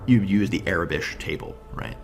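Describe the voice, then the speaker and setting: A man's voice: deep voice, moderate pace, gravelly, soft background music. A man casually reviewing tabletop game books, enthusiastic and thinking aloud, often asking "right?".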